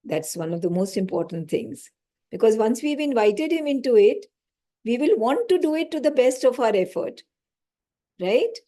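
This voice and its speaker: A woman giving a lecture on scripture, explaining slowly, repeating key phrases and asking her small audience questions. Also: fairly high pitch, big pitch swings, mellow. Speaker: spiritual teacher.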